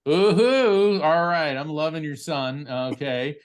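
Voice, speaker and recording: Chatty male psychic medium. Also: medium pitch. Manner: chatty, halting, with many fillers and restarts. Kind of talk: live reading for a bereaved parent.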